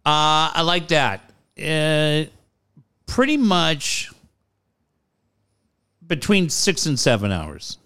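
A man's voice: on the high side, very animated, very slow, pauses often, sharp tone, clear, resonant tone. A middle-aged man with a rambling, easygoing way of talking, chatting as a guest. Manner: rambling, laughs easily. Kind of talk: casual chat.

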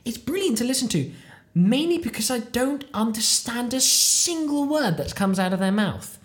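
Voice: medium pitch, animated, normal speed. Rambling British podcaster. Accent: British English. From United Kingdom. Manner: tangential, self-deprecating, swears casually. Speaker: podcast host, language learner. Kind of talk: casual rambling monologue.

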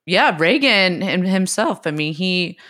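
Quick, chatty podcast speaker. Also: mid-range voice, animated, bright, forceful tone. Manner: quick, laughs often, casual swearing. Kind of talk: casual chat.

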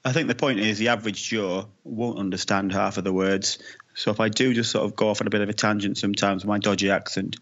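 A man's voice: on the low side, steady tone, fast talker, a bit bright. A man from England co-hosting a casual sports podcast, jokey and self-deprecating. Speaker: podcast co-host. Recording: dull lo-fi sound.

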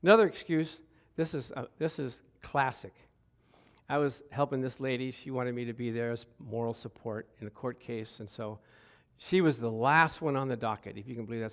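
Middle-aged male pastor, animated sermon storyteller, slightly high voice, repeats words when excited. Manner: animated, stammering repeats, bursts of laughter.

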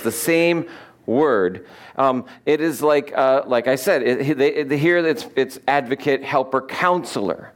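A man's voice: mid-range voice, animated, a little slow. A man preaching a conversational sermon, joking with the congregation and explaining words with frequent fillers. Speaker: pastor.

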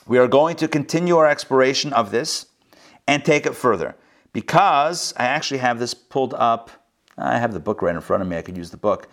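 A man's voice: mid-range voice, fairly bright tone. A rabbi teaching a live class, talking animatedly and often turning to his listeners with rhetorical questions. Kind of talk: live Torah lesson. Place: recorded live at a school.

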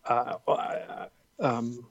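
A man, a guest actor, telling stories in an interview, warm and self-deprecating, halting with fillers. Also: mid-range voice, fairly even intonation, vocal fry, no room sound, muffled recording. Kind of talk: interview, storytelling.

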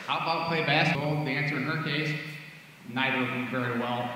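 Joking dad in a distant echoey hall. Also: male voice, mid-range voice, pushed and bright, slight background noise. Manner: joking, laughs at his own jokes. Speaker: father giving a graduation tribute. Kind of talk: read speech at a ceremony. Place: large hall at a graduation event. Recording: echoey hall, heard from afar.

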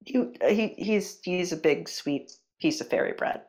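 A woman's voice: lowish voice, unhurried, darkish tone. A woman co-hosting a podcast who teases the others in a giggly way. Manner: teasing, giggly. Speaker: podcast co-host. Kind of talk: casual chat.

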